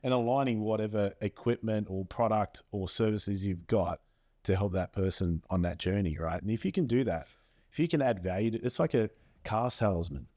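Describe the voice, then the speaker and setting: A man's voice: lowish voice, normal speed, warm tone, no room sound, studio quality. A man, a business coach as a guest, explaining earnestly with everyday examples. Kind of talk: casual chat.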